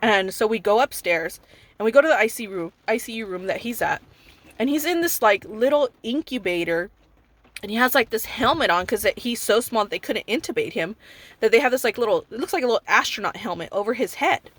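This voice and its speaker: A woman's voice: on the high side, animated, brisk, fairly bright tone, dry recording. A woman in her thirties, a mother from California, giving an emotional personal testimony and retelling dialogue as she goes. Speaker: mother telling her son's story.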